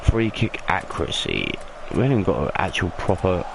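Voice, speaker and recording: Creaky and at a moderate pace, a young man's lowish voice narrates his video game football match like a commentator, rising when big moments hit. This gaming YouTuber's casual play-by-play comes from a home recording with ordinary background noise.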